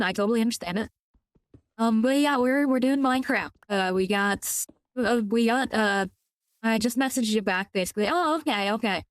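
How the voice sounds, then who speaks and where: A young woman with a Californian accent, chatting casually on a gaming stream, rambling with many restarts and casual swearing. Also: fairly high pitch. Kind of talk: casual live-stream chat while gaming.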